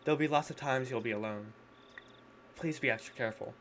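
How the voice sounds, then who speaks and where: A man's voice: mid-range voice, a little fast, fairly bright tone, a little hiss or hum, natural voice. A man reading a visual novel aloud, voicing a polite teenage girl who earnestly warns a friend to be careful. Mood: worried.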